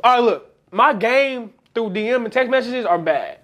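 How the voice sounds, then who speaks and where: A man's voice: very high voice, lively intonation, moderate pace, fairly bright tone. A young man chatting casually with friends, rambling and laughing often. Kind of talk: casual chat.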